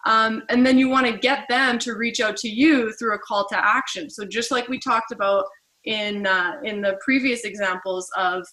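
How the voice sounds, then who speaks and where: A woman leads a casual training session with a bright, clear voice pitched a little high. She talks in a chatty, lively way and keeps slipping into quick acted-out exchanges. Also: low-quality recording. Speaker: team trainer.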